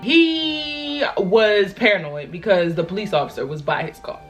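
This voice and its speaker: A young woman from Baltimore, a vlogger telling a story in a lively, slangy and dramatic way. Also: mid-range voice, normal speed, few pauses, faint music behind. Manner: animated, slangy, dramatic retelling. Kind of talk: casual storytime.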